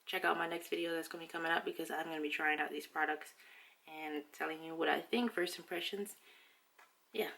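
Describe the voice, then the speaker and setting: Chatty young woman with gravelly voice. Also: deep voice, fairly even intonation, a little fast, bright, forceful tone. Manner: chatty, fillers, lots of "like". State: slightly out of breath. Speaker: beauty vlogger. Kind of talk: casual haul chat.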